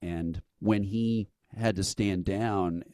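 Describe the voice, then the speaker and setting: This interview guest, an event founder, has a low, smooth voice and takes his time, recorded without echo. Spinning a lengthy, relaxed anecdote, he performs the quotes of the people involved and laughs as he goes.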